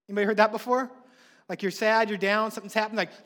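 High-voiced man preaching in a hall. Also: quick pace. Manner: animated, acts out quoted voices. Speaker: pastor. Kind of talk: sermon. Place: church hall with congregation. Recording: long reverb of a large hall.

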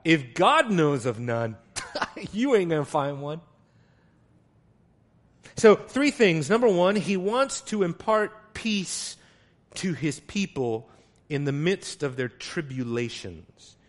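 A man preaching an expository sermon, emphatic and rising to loud exclamations as he reads scripture. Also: a little high, lively intonation, unhurried.

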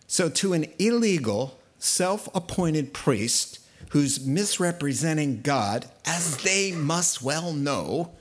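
Guy preaching a sermon, goofs around with the story, kinda high voice. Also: slow. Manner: animated, playful storytelling with acted-out voices. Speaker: pastor.

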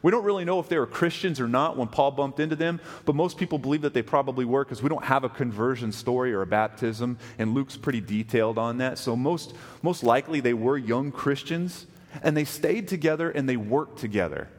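Texan pastor preaching in a reverberant hall. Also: male voice, medium pitch, brisk. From West Texas. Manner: conversational, asks the congregation questions. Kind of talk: sermon.

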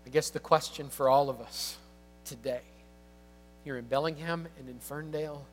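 A man preaching a sermon as pastor, telling a story in an animated way that swings from hushed to excited. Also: a little high, normal speed, soft background music.

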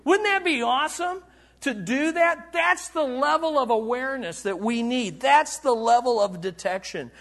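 A man delivering a sermon from the pulpit in a high, light voice. He puts questions to his congregation and waits for them to answer. He moves between punchy, raised lines and quiet, intimate stretches. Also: lively intonation, moderate pace. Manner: preaching that swings from loud bursts to hushed, confiding lows. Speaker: pastor.

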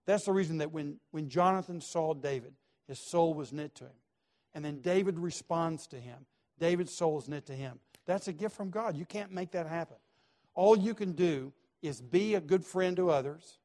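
A male pastor preaching a sermon, emphatic and repetitive, swinging between quiet asides and loud stresses. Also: fairly high pitch, normal speed.

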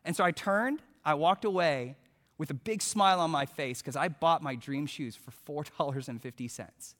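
A male preacher tells a story in his sermon, animatedly acting out quotes before shifting to a hushed, earnest tone. His voice is on the high side at a moderate pace, with the sound of a big room around him.

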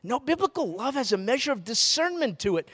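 A man's voice: very high voice, very animated, fairly quick, a bit bright. An older man preaching a sermon in a conversational way, telling stories and asking rhetorical questions. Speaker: pastor. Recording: hall with long reverb.

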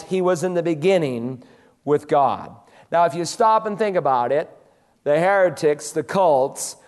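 A male pastor preaching a sermon, with an emphatic preacherly cadence and sudden slow, stressed phrases. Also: on the high side, a little mellow, clear, resonant tone.

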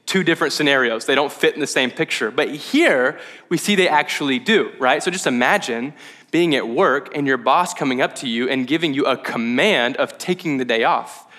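A man preaching a sermon in a lively, conversational way, checking in with "okay?" and "right?" and tossing in jokey asides. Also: medium pitch, moderate pace, big-room sound. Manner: jokey asides and acted-out quotes. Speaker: pastor.

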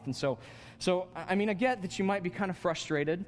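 A man preaching a sermon as a pastor, animated and self-mocking, climbing higher in pitch to stress a point. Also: fairly quick, a little hiss or hum. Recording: long hall reverb.

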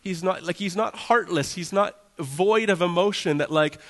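A man's voice: sits high, moderate pace, hardly any pauses. A man preaching a conversational sermon as a pastor, earnest and casual, often saying "like" and acting out prayers in a raised voice.

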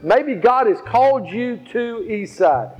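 A man's voice: very high voice, expressive, measured pace. A male pastor preaching a sermon, telling stories and repeating phrases for emphasis. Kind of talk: sermon with storytelling. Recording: slightly dull, faint guitar behind.

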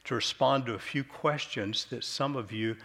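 A middle-aged pastor delivers a sermon with a steady voice at an ordinary pitch for a man. He talks in an earnest, conversational way. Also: normal speed. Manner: earnest, conversational, acts out quoted prayers.

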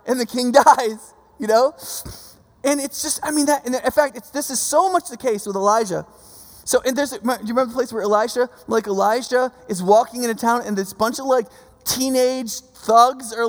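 A man preaching a casual teaching sermon, telling stories with lively asides and questions to the audience. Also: very high-pitched, moderate pace. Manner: informal, storytelling, asks the audience questions, frequent "right?". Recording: long hall reverb.

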